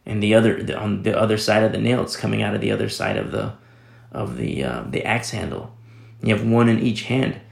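A man's voice: lowish voice, fairly quick, creaky, roomy sound. A man pastor giving a conversational Bible teaching sermon, rambling with many restarts and sudden emphatic rises.

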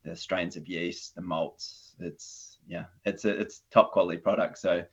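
A New Zealand man with a very low, deep voice chats easily as a guest on a video call, and he keeps stopping and restarting his sentences. The sound is dull and lo-fi. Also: measured pace, husky. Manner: relaxed, hesitant, many fillers and restarts. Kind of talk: casual conversation. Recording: dull lo-fi audio.

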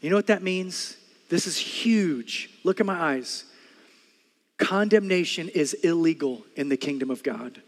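A middle-aged man preaching a sermon as pastor, telling stories with loud bursts and quiet earnest stretches. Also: a little high, a little slow, big-room sound.

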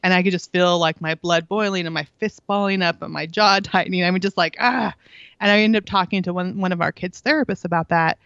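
A woman's voice: lowish voice, quick pace, fairly bright tone, no room sound, highs cut off. Middle-aged woman telling earnest parenting stories. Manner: earnest storytelling, acts out quoted lines, laughs often. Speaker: guest, parenting author. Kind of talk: conversational interview.

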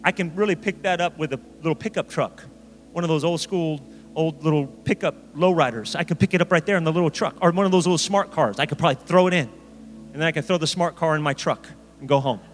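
High-pitched preaching man in a hall. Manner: preaching with emphatic rises and dramatic slow phrases. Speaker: pastor. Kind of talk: sermon. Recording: reverberant hall with faint music.

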